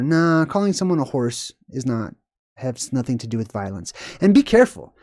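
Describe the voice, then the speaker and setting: A man's voice: on the high side, very animated, moderate pace, a little mellow, no room sound, studio quality. A man hosting a casual commentary vlog, ranting to viewers in an irritated, conversational way and swearing freely. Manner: conversational, talks straight to viewers. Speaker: host.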